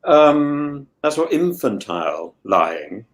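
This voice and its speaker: A man's voice: on the high side, very animated, slow. A man in casual chat on a show he regularly joins, talking in a thoughtful, musing way with many restarts and stammered repeats. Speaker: regular guest.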